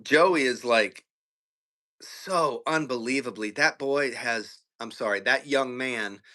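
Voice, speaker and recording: Bright-voiced Southern man chatting loosely. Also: mid-range voice, slow pace. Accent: Southern American. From American South. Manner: storytelling, profane, with quoted impressions of his partner. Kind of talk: casual livestream chat.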